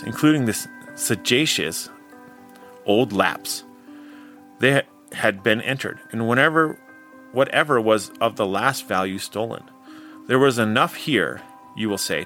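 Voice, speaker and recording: Bright-voiced male storyteller. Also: medium pitch. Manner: measured, expressive storytelling. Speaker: narrator. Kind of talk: scripted narration of a Victorian ghost story.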